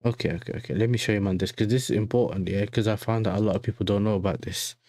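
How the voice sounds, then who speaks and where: A young man talks loosely and casually to his stream chat, his voice sitting a little low. He is heavily slangy and keeps checking in with his viewers. The sound is close and dry, with no room around it. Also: steady tone, rapid-fire, dark tone, no echo. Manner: chatty and slangy, keeps saying "you know what I'm saying". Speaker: football fan channel host. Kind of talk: casual livestream reaction chat.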